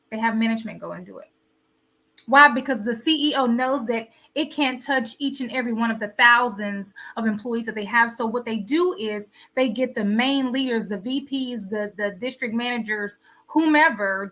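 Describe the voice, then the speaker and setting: A woman with a high, bright voice hosts a live motivational talk. She preaches to her audience, firing off rhetorical questions and repeating her points for emphasis. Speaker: host of a wellness show.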